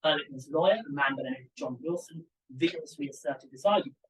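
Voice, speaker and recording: A young man, a PhD student, giving an academic conference talk in an animated, emphatic way with asides to the audience. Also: on the high side, fast, far from the mic, slight background noise, rough recording. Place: conference room.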